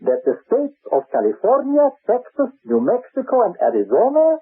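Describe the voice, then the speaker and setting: A cold, stern spymaster. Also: male voice, very high voice, huge pitch swings, normal speed, breathy edge, full character voice. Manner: clipped, coldly menacing. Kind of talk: 1970s radio drama acting. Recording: narrow, phone-like old radio broadcast.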